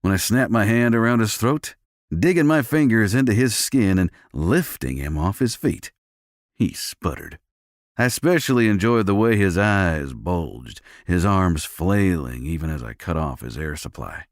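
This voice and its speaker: A man's voice: deep voice, very animated, a little slow, no echo, studio quality. A man reading a first-person romance audiobook with a gritty, tough-guy delivery. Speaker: audiobook narrator.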